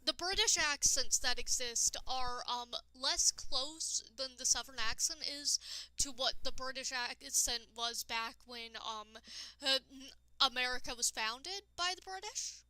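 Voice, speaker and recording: A high-pitched woman rambles along to her stream chat, her voice very bright and crisp. She sounds tired and low on energy while she casually talks through a game session. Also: measured pace, no room sound, poor audio.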